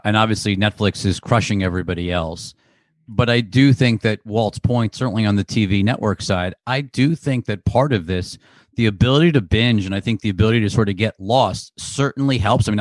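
A man's voice: on the low side, no echo. Emphatic man arguing on a podcast. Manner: emphatic, opinionated, argues points. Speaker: podcast co-host. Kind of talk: casual chat.

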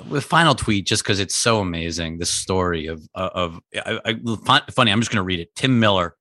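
A man co-hosting a media podcast, chatting casually with quick excited restarts. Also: sits low, no room sound, studio quality. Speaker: podcast co-host. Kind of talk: casual chat.

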